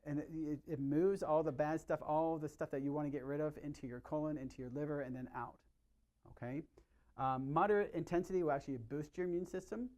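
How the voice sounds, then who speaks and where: A middle-aged man, a chiropractor, giving an energetic, conversational health talk to his patients and often asking them questions. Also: fairly high pitch, fairly quick. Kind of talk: live workshop talk to patients.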